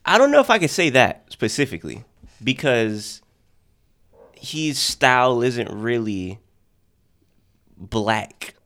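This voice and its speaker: A man's voice: mid-range voice, slow pace, pauses often. A man co-hosting a casual podcast chat, arguing his points and swearing freely. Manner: animated, argumentative, swears freely. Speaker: podcast co-host.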